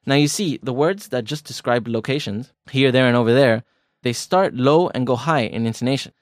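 A playful man co-hosting a language podcast, teasing his co-host and explaining points slowly and clearly. His voice sits at a middle pitch and sounds close and dry, with no room around it. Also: no room sound. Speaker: podcast co-host teaching Japanese. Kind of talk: casual language lesson banter.

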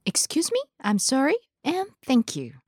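Lively female teacher. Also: sits high, moderate pace, dry recording, studio quality. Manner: clear, emphatic word drills. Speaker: Japanese teacher. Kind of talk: language lesson co-host.

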